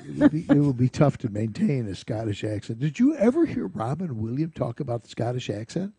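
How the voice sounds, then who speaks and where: A middle-aged man co-hosting talk radio, joking and chuckling as he talks. His voice is gravelly and husky, with lively swings in pitch, in a dry studio. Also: brisk, no echo. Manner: jokey, laughs often, drops into comic voices. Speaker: radio talk show co-host. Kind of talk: casual banter on talk radio.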